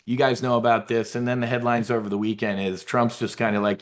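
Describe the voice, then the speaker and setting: A man's voice: mid-range voice, level tone, brisk, hardly any pauses. A man hosting a members' briefing, ranting about politics in a combative, profane way and mocking opponents in put-on voices. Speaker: trading newsletter host.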